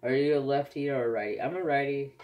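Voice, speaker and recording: A man's voice: mid-range voice, fast talker, lo-fi sound. A man chatting casually in his craft vlog, telling anecdotes animatedly. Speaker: craft vlogger. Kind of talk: casual chat while crafting.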